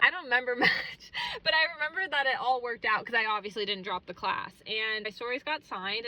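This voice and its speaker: A woman's voice: on the high side, sharp tone, lo-fi sound. A young woman hosting her own podcast, telling a personal story in a chatty way, full of fillers and close to tears at times. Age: young adult. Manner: chatty, filler-heavy, emotional and tearful at moments. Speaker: podcast host.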